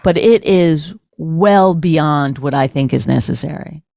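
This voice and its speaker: A woman's voice: low-pitched, measured pace, creaky, darkish tone, dry recording, studio quality. A middle-aged woman from Canada, co-hosting a podcast in an exasperated, teasing, bickering chat. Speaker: podcast co-host.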